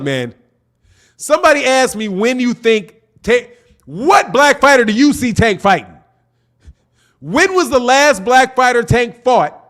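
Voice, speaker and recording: A man's voice: extremely high pitch, a bit bright. A man hosting a boxing talk stream, reading viewer chats aloud in a loose, chatty way, repeating himself and laughing often. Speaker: boxing channel host. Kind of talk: casual livestream commentary reading viewer chats.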